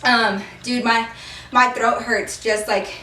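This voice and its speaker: Young woman vlogger, high voice, telling a wild story all fired up, echoey room a bit far from the mic. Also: fairly even intonation, slow, slight background noise. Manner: emphatic, heated, acts out the scene, shouts quoted lines; frequent fillers and "okay?" asides. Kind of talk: animated storytime vlog.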